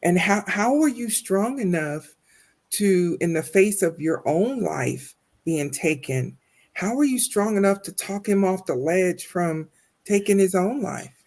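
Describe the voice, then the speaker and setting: Slow, careful podcast host. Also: mid-range voice, animated, a little mellow. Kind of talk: interviewing a guest.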